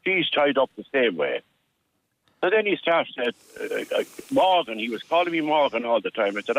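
An older Irish man calling in to a radio show, telling a story with halting restarts and acting out what others said. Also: medium pitch, very animated, gravelly, fairly bright tone. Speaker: caller. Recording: tinny phone line.

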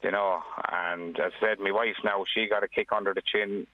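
An Irish father speaking earnestly on a radio phone-in, with plain, halting restarts. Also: fairly low pitch, fairly even intonation, a little hiss or hum. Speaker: caller, father. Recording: dry tinny phone line.

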